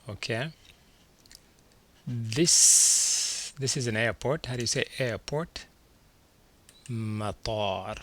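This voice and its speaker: Male teacher, unhurried, repeats every word for beginners; crisp bright voice, keyboard clicks nearby. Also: medium pitch. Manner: slow, patient, repeats each word. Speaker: Arabic teacher. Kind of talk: slide-based language lesson.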